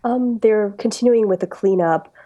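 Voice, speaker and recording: A woman's voice: medium pitch, moderate pace, dark tone, dull audio. A woman reporter answering interview questions about her reporting, thoughtful and a bit hesitant with ums and uhs. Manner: thoughtful, with frequent um and uh.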